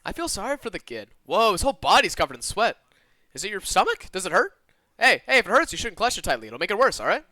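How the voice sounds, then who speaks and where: A man playing a group of nervous, squabbling male kidnappers in a game story. They talk fast and rough, in a raised, strained voice with a bright, edgy ring. The sound is dry and close. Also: high voice, very animated, no room sound, pitched above the performer's own voice, heavily acted. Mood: worried. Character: panicky adult male kidnappers, rough and bickering.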